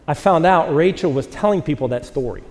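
A man in his forties preaches a sermon in a church auditorium with a live audience, and his voice sits high. He tells a self-mocking story in a loose, casual way and acts out the quotes. The sound carries a long reverb from the big hall. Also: lively intonation, brisk, a little mellow. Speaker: pastor.

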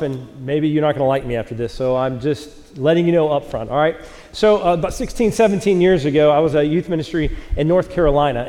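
A man's voice: fairly high pitch, a little mellow, long reverb tail. A man in his forties, a pastor preaching a sermon to a live church audience, telling a self-mocking story in a casual way and acting out the quotes.

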